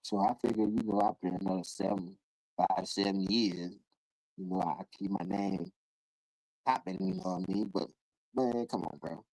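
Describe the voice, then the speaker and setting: A man hosting a live call-in stream, ranting in casual, profane street talk and jumping into high-pitched voices when he quotes people. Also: moderate pace, vocal fry, no room sound, rough recording. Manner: animated, profane, acts out quoted voices in sudden high bursts. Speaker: livestream host.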